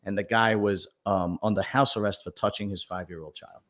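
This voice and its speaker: A man's voice: fairly low pitch, fairly even intonation, brisk, a bit bright. Man rambling through news stories. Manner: rambling storyteller with many fillers and restarts; tells jokes read out for viewer donations. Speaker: podcast host. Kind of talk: casual news chat.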